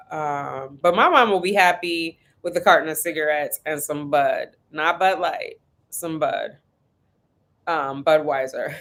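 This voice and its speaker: Woman, lowish voice, chatty live-stream host telling animated stories from home. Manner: chatty, animated storytelling with laughs. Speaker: vlogger hosting a live stream. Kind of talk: casual live-stream chat.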